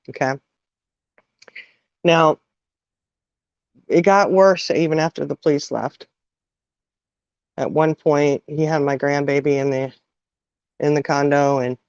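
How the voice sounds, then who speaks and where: A middle-aged woman telling an emotional personal story, halting, with many restarts and fillers. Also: deep voice, a little mellow, clear, resonant tone, dry recording. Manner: halting, full of "you know" and restarts. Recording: dull, dry sound.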